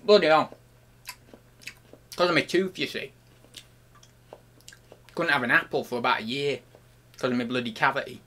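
A man hosting a comic vlog, playful and mock-grandiose, jumping between loud outbursts and hushed murmurs, at times talking while chewing. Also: medium pitch, normal speed, long pauses. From United Kingdom. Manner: talks while chewing an apple. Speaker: online reseller and channel host.

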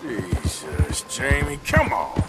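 An actor playing a weary middle-aged male outlaw in a video game, speaking in a gruff, dryly sarcastic drawl. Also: mid-range voice, huge pitch swings, slow pace, exaggerated voice. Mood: teasing. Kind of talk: video game cutscene dialogue. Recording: loud game score behind the voice. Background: game music and horses.

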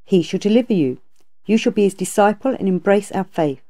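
Woman reading as a calm, gracious bodhisattva. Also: mid-range voice, brisk, natural voice. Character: calm, compassionate female bodhisattva.

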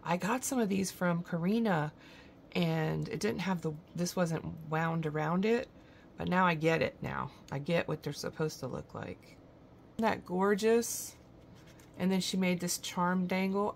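A woman's voice: lowish voice, vocal fry, a little hiss or hum. A woman hosting a craft vlog, gushing with admiration as she shows off handmade gifts indoors. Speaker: craft channel host. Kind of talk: show-and-tell unboxing vlog.

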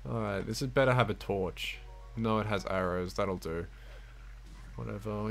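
A man giving rambling, goofy gameplay commentary, baby-talking to the game's wolf and swinging from soft mumbles to loud excited outbursts. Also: on the low side, moderate pace, vocal fry, faint music behind. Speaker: gameplay streamer.

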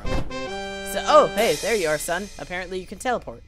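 A woman's voice: fairly low pitch, expressive, moderate pace, music in the background. A woman commentating on a video game, playful and joking, often yelping. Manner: playful, yelps and jokes. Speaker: gaming commentator. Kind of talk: let's play commentary. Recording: background noise.

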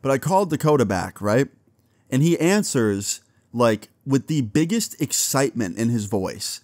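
Young male vlogger, storytime, animated delivery with lively pitch, dry close sound. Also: moderate pace, no echo. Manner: animated, acts out dialogue, swears casually. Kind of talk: casual storytelling.

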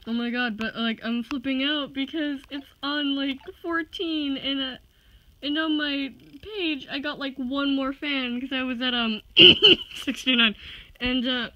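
A woman's voice: high voice, fairly even intonation, a little slow, dry recording, dull audio. A young woman vlogging casually, giddy and rambling, often breaking into laughter. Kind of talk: excited casual vlog.

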